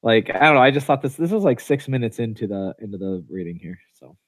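Male podcast co-host, mid pitch, loose rambling delivery with fillers, dry close sound. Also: animated, fast talker, dry recording. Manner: rambling, many fillers and restarts. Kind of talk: casual chat.

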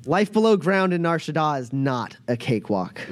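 A man voicing a woman who leads a small undercity crew in a tabletop game, speaking haltingly with many fillers. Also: on the high side, big pitch swings, no echo. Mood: chatty. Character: woman gang leader in the undercity, hesitant.

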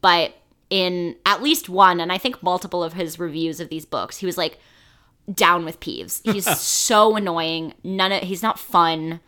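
Brief: opinionated woman co-host, casual banter, bright forceful tone. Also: lowish voice, fairly even intonation, a little slow, clear, resonant tone. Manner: blunt, opinionated, swears. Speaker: podcast co-host. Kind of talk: casual chat.

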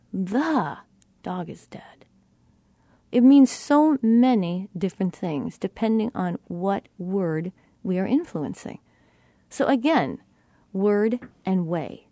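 A middle-aged woman giving a teaching talk about tone of voice and self-talk, speaking deliberately and shifting her inflection to show how phrases change meaning. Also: mid-range voice, dark tone, no room sound, clean studio sound. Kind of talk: teaching monologue.

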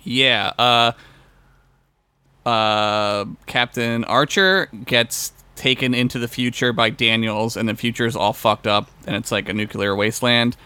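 Male co-host, gravelly and bright tone, dry mic, loose rambling chat. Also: medium pitch, no echo. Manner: rambling, profane, uses lots of fillers like "like". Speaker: podcast co-host. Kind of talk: casual podcast chat.

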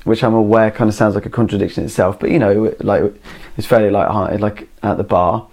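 A man's voice: fairly low pitch, fairly even intonation, a little fast, a little mellow. A man recording himself in a garden shed, talking his way through ideas in a meandering, casual monologue full of "you know" and "like". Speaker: solo podcast host. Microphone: camera mic.

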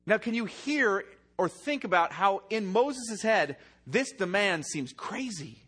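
A male pastor with a high-pitched, expressive, slightly rough voice preaches slowly. He reads scripture and retells it, swinging from loud emphasis to quiet, hushed lines.

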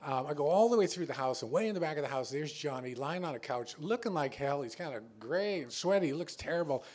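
A man telling a true story on a stage before a live audience, halting and stammering as he acts out the quotes. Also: a little high, animated, a little mellow.

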